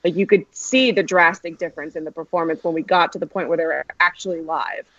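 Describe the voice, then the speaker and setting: A woman's voice: fairly low pitch, a bit bright, no room sound. Chatty female podcast guest, dry muffled sound. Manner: chatty, reactive, quick interjections. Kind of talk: casual chat.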